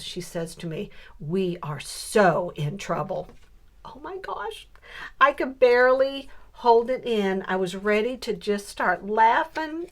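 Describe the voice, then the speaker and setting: A woman in her sixties telling a funny family story in a casual, animated way while she works on a scrapbook page. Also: medium pitch. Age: 60s. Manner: animated storyteller who builds to punchlines. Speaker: scrapbooking crafter.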